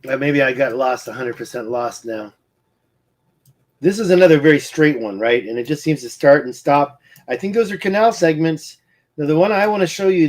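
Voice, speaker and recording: A man's voice: fairly high pitch, darkish tone. A man rambling through a screen-share of satellite maps, muttering, restarting his sentences and getting sidetracked by hiccups. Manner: distracted, muttering, self-correcting. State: hiccuping, eye twitching. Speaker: independent researcher presenting maps.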